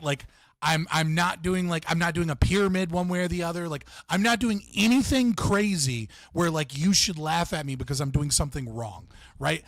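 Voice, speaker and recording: A man's voice: fairly high pitch, gravelly, a bit bright, no room sound. A young man telling a story casually on a livestream, rambling with many restarts and laughing at himself. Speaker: livestream host.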